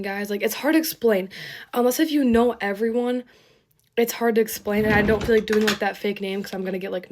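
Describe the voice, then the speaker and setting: A woman's voice: mid-range voice, background noise. A young woman telling a rambling, emotional get-ready-with-me storytime, swearing freely. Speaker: storytime creator.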